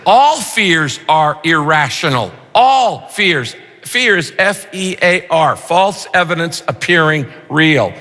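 Animated male preacher in a big hall. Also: on the high side. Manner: animated, punchy rhyming lines. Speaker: pastor. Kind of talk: sermon. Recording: long reverb of a large hall.

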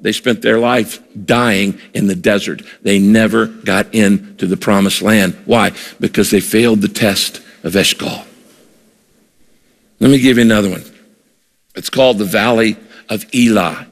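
A man's voice: mid-range voice, fairly bright tone. Preaching man in a large reverberant hall. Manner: emphatic preaching, sometimes slows to drive points home. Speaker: pastor. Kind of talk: sermon.

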